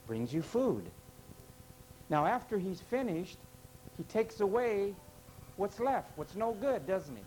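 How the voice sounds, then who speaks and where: High-voiced emphatic man preaching. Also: sing-song, slow pace, pauses often, darkish tone, a little hiss or hum, poor audio. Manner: emphatic, rhetorical questions to congregation. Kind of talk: sermon. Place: church with parking lot.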